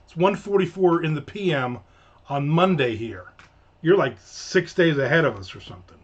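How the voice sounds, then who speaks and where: A man's voice: a little high, animated, moderate pace, husky. Rambling American man on a dull mic. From United States. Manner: rambling, jokey, trails off and restarts often. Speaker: livestream host. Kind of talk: casual livestream chat reading viewer comments. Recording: slightly dull lo-fi home mic.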